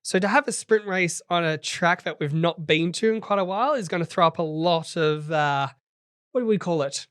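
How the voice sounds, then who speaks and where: Woman podcast co-host, playful and lively, dry close sound. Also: moderate pace, clear, resonant tone, no room sound. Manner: playful, lively pitch swings. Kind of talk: casual chat and read race summary.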